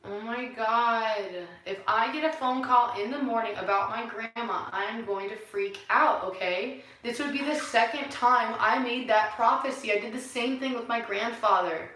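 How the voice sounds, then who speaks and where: A woman vlogger in a rambling spiritual monologue, musing and preachy, often sighing and laughing softly. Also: on the high side, normal speed, hardly any pauses. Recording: very echoey room, far from the mic.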